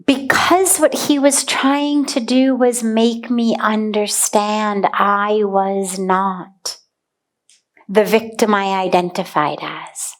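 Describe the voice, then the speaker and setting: A woman giving a spiritual talk as a teacher, speaking in a deliberate, earnest way and dwelling on single words. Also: medium pitch.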